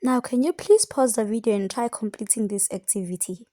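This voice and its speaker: A woman teacher explaining a lesson and reading examples aloud slowly and deliberately. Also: a little high, dark tone.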